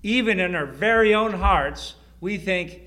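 A middle-aged man preaching a sermon, with emphatic repeats and sudden drops to a hushed voice. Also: high-pitched, a little slow. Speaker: pastor.

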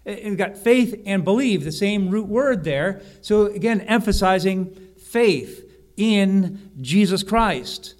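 Guy preaching, fairly high voice, leans hard on key words, keeps correcting himself. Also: animated. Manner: emphatic, slows and rises on key phrases, frequent self-corrections. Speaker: pastor. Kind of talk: sermon.

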